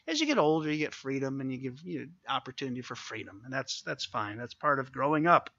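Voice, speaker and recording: A male pastor delivers an earnest sermon in a fairly high, bright and sharp voice. He exhorts his listeners and slows down to stress key points. The recording is dry and a little dull. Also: lively intonation, dry recording.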